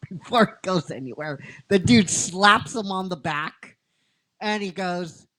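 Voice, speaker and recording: A man's voice: high-pitched, takes it slowly, fairly bright tone. A man casually retelling a fan-written story, rambling, laughing often and teasing his cohost. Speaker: storyteller narrating a fan script.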